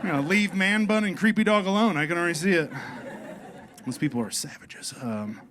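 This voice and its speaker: A man's voice: high-pitched, fairly quick, background noise. Profane rambling male stand-up comic. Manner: profane, rambling, full of "you know what I mean". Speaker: stand-up comedian. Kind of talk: stand-up set. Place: comedy club stage. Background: audience laughter.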